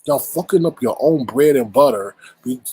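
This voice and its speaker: Husky-voiced man ranting bluntly. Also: mid-range voice, animated, normal speed, mellow, rough recording. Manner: blunt, exasperated, rhetorical, profane. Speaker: commentary channel host. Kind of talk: casual ranting commentary.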